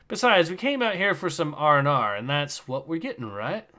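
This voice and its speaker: A laid-back rebel pilot, calm and reassuring, the kind who shrugs off trouble, voiced by a man reading a comic aloud. The voice is bright, slightly raised and forward. It stays close to an everyday reading voice rather than a fully acted character. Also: fairly high pitch, normal speed.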